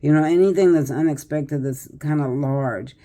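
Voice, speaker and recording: A woman's voice: deep voice, moderate pace, mellow. A tired older woman doing a casual tarot reading, chatty and rambling with many fillers and restarts. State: tired, yawning. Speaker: tarot reader.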